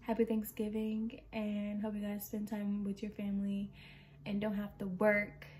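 A woman's voice: medium pitch, completely flat delivery, measured pace, darkish tone, a little hiss or hum. A young pregnant woman vlogger talking casually and rambling, a bit out of breath and laughing often. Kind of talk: casual chat.

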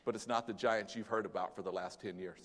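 A male pastor preaching a sermon, animated and dramatic, mixing Bible story with casual slang. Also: lowish voice, fast. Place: church sanctuary. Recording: long church hall reverb.

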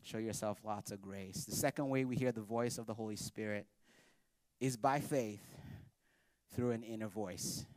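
A male pastor preaching a sermon in a joking, animated storytelling manner. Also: on the low side, normal speed, dry recording, studio quality. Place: church.

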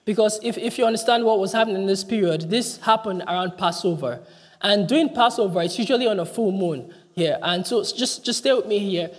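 Earnest high-voiced man preaching in hall. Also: brisk. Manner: earnest, restarts often, voice drops low on quoted cries. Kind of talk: sermon. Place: church hall. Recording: long church hall reverb.

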